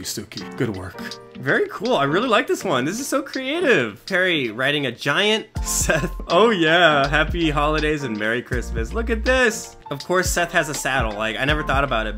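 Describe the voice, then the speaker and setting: Lively, bright-voiced young man host. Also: a little high. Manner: enthusiastic, chuckles often, playful. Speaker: channel host judging an art contest. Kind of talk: casual commentary.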